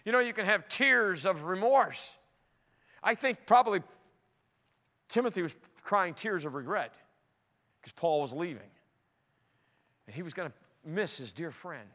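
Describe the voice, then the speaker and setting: A middle-aged male pastor preaching a sermon, swinging between loud emphatic peaks and soft low asides. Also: lively intonation, measured pace, pauses often. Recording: long hall reverb.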